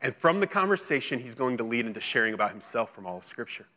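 A male pastor preaching a sermon, reading scripture and then retelling it in lively, casual speech. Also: mid-range voice, fast.

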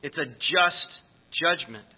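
A Bible teacher with a high, slightly breathy voice speaks slowly and a bit raised as he works earnestly through scripture verse by verse, explaining as he goes. The audio is thin and narrow, like it came over a phone line.

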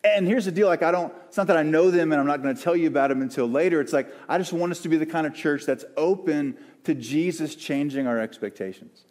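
A man preaching a sermon as the church's pastor, earnest and searching, with pauses and restarts. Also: fairly high pitch, a little mellow. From American South. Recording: long hall reverb.

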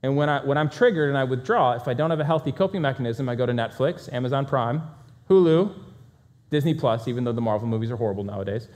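Fast-talking energetic man speaker. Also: a little high. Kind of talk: talk to a live audience.

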